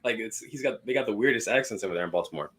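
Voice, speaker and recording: A man co-hosting a casual sports chat who jumps in with quick asides and laughs. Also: fairly low pitch, expressive, a bit bright. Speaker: co-host.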